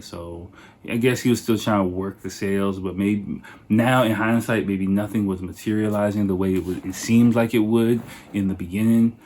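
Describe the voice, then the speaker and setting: A man's voice: on the low side, fairly even intonation, normal speed, darkish tone. A man hosting a podcast, telling a rambling story in a casual, profane, laid-back way. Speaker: podcast host.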